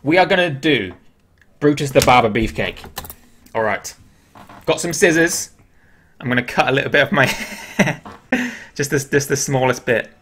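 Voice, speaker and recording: An Englishman hosting a live stream, talking in a loose, chatty way at an ordinary middle pitch. He answers viewers' questions aloud as he goes and laughs easily at himself. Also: moderate pace, long pauses, fairly bright tone, slight background noise. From England. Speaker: livestream host. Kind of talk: casual live-stream chat.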